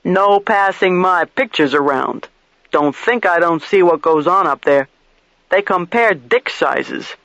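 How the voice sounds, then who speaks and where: A man's voice: sits high, lively intonation, unhurried, vocal fry, a bit bright, no room sound, heavily acted. A man voicing a crude, belligerent middle-aged male police detective who is drunk and swearing. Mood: crude, loud.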